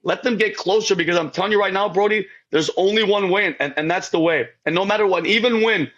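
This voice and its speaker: A podcast guest shares an emotional faith testimony in casual talk, his high voice fast and a bit bright on a muffled recording. He rambles, stammers through restarts, and keeps addressing the host by name.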